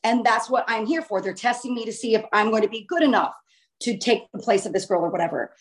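A young woman casually and animatedly recounting a vivid dream, informal and quick to swear. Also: on the high side.

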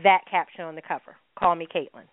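A woman co-hosting a casual chat, animated and emphatic, laughing often. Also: lowish voice, fast, dry recording. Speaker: co-host. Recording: tinny phone-like sound, dry.

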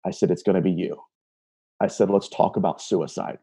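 A man's voice: low voice, fairly even intonation, fairly quick, mellow, breathy edge. A man telling a personal story in an earnest, casual way, recounting a conversation line by line with many repeated words and restarts. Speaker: self-described empath telling a personal story.

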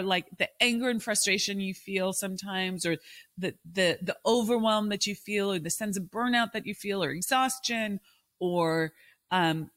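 A woman talks through her ideas on her own podcast in a loose, conversational way, often checking in with the listener with a quick "right?". Her voice sits at an ordinary middle pitch. The sound is close and dry, with no room echo. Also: a bit bright. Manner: conversational, thinking aloud, often adds "right?". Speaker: podcast host. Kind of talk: casual solo podcast monologue.

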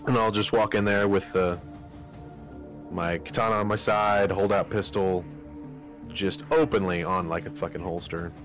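A man's voice: low voice, fairly even intonation, moderate pace, a bit bright, soft background music. A man playing a tabletop role-playing game, rambling and swearing casually. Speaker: player.

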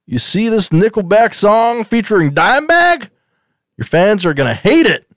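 A man's voice: sits high, sing-song, normal speed, a bit bright, no room sound, clean studio sound, voice pushed up. A man voicing a nagging, scolding bandmate in an exasperated, barking manner.

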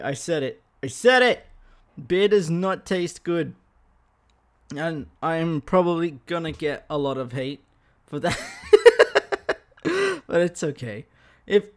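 A young Australian man hosting a podcast, ranting casually and profanely into a microphone with bursts of laughter. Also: sits high. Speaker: podcast host. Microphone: studio microphone.

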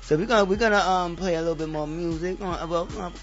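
A man's voice: high-pitched, quick pace. Slangy laid-back male radio host. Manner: loose, slangy, laughs a lot, excitable. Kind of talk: casual chat. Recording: dull lo-fi sound with faint music.

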